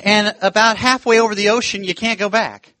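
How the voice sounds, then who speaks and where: An American man preaches a sermon in church, narrating a story while laughing and acting out the voices of its characters. His voice is high and a little fast, his manner animated, and the recording has no echo.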